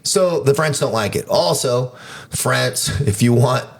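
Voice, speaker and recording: A man tells rough stories in a loose, casual way, swearing freely and laughing as he goes. His voice sits at an ordinary pitch for a man. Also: expressive, a little slow. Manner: blunt, profane, laughing storyteller. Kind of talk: casual storytelling.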